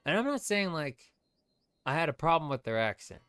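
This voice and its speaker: A man's voice: fairly high pitch, very animated, normal speed, bright, forceful tone, clean tone. Opinionated ranting man streamer. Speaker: VTuber streamer. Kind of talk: livestream gameplay commentary.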